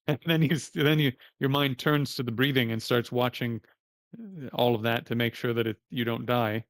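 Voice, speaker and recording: Male meditation teacher on a livestream, mid-pitched, loose and plain-spoken, with an occasional curse, dry close sound. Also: moderate pace, fairly bright tone, no echo. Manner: casual, plain-spoken, curses now and then.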